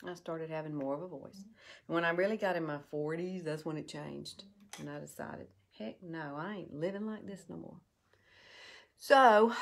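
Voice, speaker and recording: Earnest chatty woman in her fifties, lowish voice. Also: vocal fry. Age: 50s. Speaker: beauty vlogger. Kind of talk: casual live chat while doing makeup.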